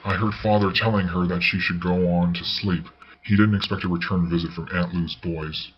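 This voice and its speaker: Deep-voiced male storyteller. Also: fairly even intonation, normal speed. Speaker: narrator. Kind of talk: storybook reading. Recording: slightly dull recording with faint hiss.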